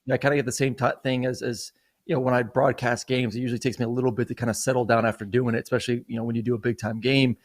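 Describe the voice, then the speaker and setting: A man's voice: medium pitch, flat delivery, rapid-fire. A man in his thirties co-hosts a casual sports talk show. His voice sits in a plain middle register, and he rambles through anecdotes with frequent fillers and restarts. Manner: rambling storyteller, many "you know" and "like" fillers. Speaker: co-host. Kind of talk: casual sports podcast chat.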